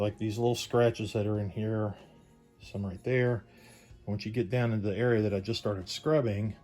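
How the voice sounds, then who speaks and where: A man giving a casual workshop demonstration as a pinball restorer, thinking aloud in a loose, unhurried way. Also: on the low side, a little mellow. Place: home workshop at a workbench.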